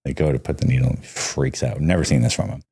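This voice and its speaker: A man's voice: extremely low pitch, steady tone, fast talker, mellow, breathy edge. A man talking as a podcast guest, telling stories in a loose, casual way, full of "like" and the odd swear. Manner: loose, frequent "like", swears freely. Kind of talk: casual storytelling.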